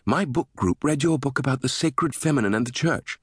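A man's voice: animated, fairly quick, husky, no echo, clean studio sound. A male narrator voicing a chirpy middle-aged British woman who greets travelers, in a sing-song voice with a British accent. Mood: teasing. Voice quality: sing-song, high and bright.

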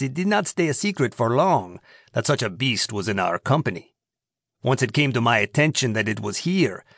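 A smug, greedy prison commandant, as an audiobook narrator puts him on. He draws out his words slowly in oily, falsely polite tones with threats beneath. The voice sits in an ordinary male pitch and is recorded dry and close. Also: gravelly, fairly bright tone, dry recording, full character voice. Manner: slow, drawn-out, oily politeness with veiled threats.

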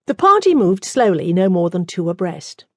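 In clean, dry studio sound, a woman whose voice sits on the low side reads scripted audiobook narration. Her storytelling stays steady and measured throughout.

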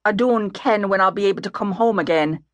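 A woman voicing a grieving young man who talks in a low, bitter, brooding way. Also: a little fast, dry recording, lightly acted.

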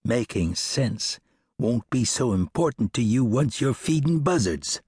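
A man's voice: medium pitch, lively intonation, a little slow, a little mellow, breathy edge, no echo, clean studio sound. A man voicing a stern, cool-headed lawman turned bounty hunter in an audiobook western, speaking in an authoritarian, matter-of-fact way. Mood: cold.

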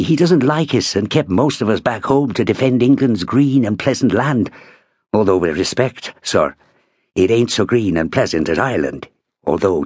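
A male narrator playing an eager, chatty young soldier who rambles on in a lively, higher voice. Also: husky, dry recording, clean studio sound, full character voice. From Birmingham. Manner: rambling, lively and bright-eyed.

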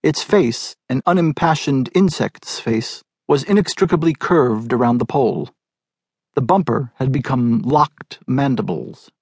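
A man narrating a literary short story in a measured, even audiobook reading. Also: mid-range voice, husky, no room sound.

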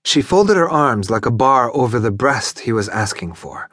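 A male audiobook narrator reading literary fiction with a lively, rising and falling pitch. His delivery is measured and storytelling, recorded close and dry in a studio. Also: dry recording. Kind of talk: scripted narration of a literary novel. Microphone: studio microphone, close.

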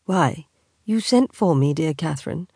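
A woman voicing a teasing, insolent young aristocratic husband in a slow, drawling, mocking manner. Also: low-pitched, expressive, darkish tone, slightly rough, no room sound, clean studio sound, exaggerated voice.

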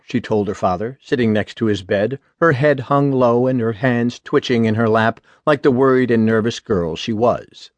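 A man's voice: mid-range voice, moderate pace, few pauses, a little mellow, no room sound. Man narrating an audiobook, dry studio sound. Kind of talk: scripted narration.

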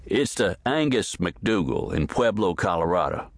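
A man doing a slow, sly vengeful stranger. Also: low-pitched, sing-song, no echo, full character voice.

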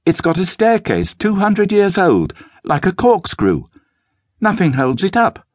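Storybook boy: a high, withdrawn teen with guarded, evasive answers, as a man puts him on, dry close sound. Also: very animated, measured pace, a little mellow, no room sound. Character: quiet secretive teenage boy gang member.

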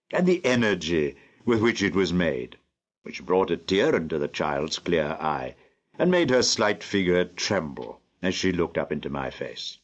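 An older man from England narrates a classic novel in a slow, deliberate, measured way. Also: low voice. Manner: slow, deliberate, lively phrasing. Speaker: audiobook narrator.

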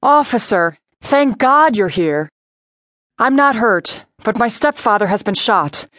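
A woman's voice: fairly high pitch, expressive, slow, fairly bright tone, no room sound, studio quality. A woman voicing a frightened young female bank executive in shock, pleading for help in an audiobook. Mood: distraught. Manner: pleading and shaken. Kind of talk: audiobook character voice.

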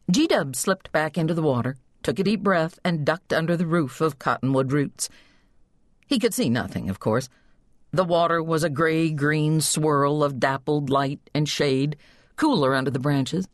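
A woman narrating an audiobook with expressive storytelling on a studio microphone. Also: deep voice, dry recording. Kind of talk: scripted narration.

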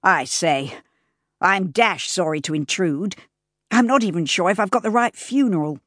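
A woman voicing a courteous, slightly flustered young gentleman in an audiobook. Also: lowish voice, normal speed, dry recording, studio quality. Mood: polite. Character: polite awkward young gentleman. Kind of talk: audiobook character voice.

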